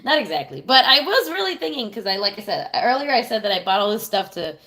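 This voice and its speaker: A woman's voice: medium pitch, sing-song, quick pace, pushed and bright. A woman in her thirties chatting casually on a livestream, telling a rambling, profane story and answering viewers. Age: 30s. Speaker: streamer.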